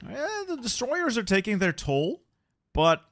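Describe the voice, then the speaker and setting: A young adult man streaming a strategy game, thinking aloud in a relaxed way and repeating words as he plans his moves. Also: high-pitched, measured pace, no room sound.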